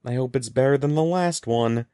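A man reading the lines of a skeptical, quick-talking schoolgirl in a wry, slightly raised voice. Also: mid-range voice, mellow, smooth, no echo, clean studio sound, lightly acted.

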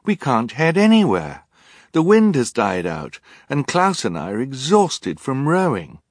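A man's voice: lowish voice, lively intonation, moderate pace, a bit bright, slightly rough, no echo, studio quality. A male audiobook narrator voicing a determined, resourceful teenage girl, earnest and pleading. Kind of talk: audiobook character voice.

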